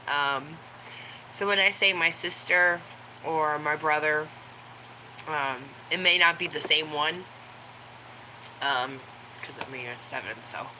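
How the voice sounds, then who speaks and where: Woman rambling slow to the camera, lowish voice, lots of ums, noisy home recording. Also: pushed and bright. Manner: rambling, with many ums and laughs; high baby talk to her pets. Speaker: vlogger. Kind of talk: casual chat to camera. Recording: home recording with clear background noise.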